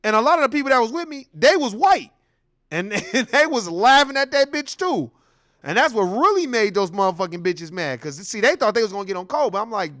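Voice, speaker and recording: A man's voice: high-pitched, very animated, brisk, a bit bright, dry recording, clean studio sound. A man hosting a commentary show, ranting bluntly and heatedly, telling stories with acted-out quotes. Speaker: host.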